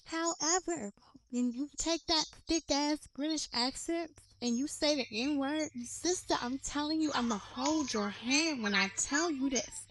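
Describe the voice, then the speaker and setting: Blunt, profane American woman, high pitch, casual rant over a noisy recording with clicks. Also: a little slow, fairly bright tone. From United States. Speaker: content creator.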